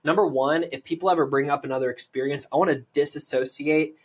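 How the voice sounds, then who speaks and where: A man from the United States, a land investor and podcast guest, coaching on sales in an energetic, persuasive way and often checking in with "right?". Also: fairly high pitch, fast talker, slightly rough. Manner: energetic, persuasive, lots of "right?" tag questions.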